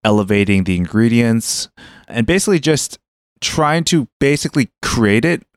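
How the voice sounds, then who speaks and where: A man's voice: medium pitch, animated, normal speed, no echo, clean studio sound. A man co-hosting a casual podcast chat, explaining things at length with frequent fillers and restarts. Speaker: podcast co-host.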